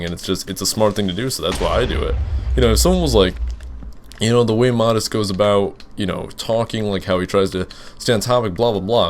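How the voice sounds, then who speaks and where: A young man who makes gaming videos, answering viewer questions while playing, rambling with lots of fillers and restarts. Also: lowish voice. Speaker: gaming YouTuber. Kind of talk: casual Let's Play commentary with Q and A.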